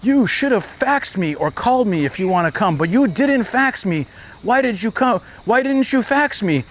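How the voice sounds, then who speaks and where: A man putting on the voice of an irritated bald monk who scolds slowly and repeats himself. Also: very high voice, big pitch swings, slight background noise, pitched above the performer's own voice, exaggerated voice. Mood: irate scolding. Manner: slow, repetitive scolding.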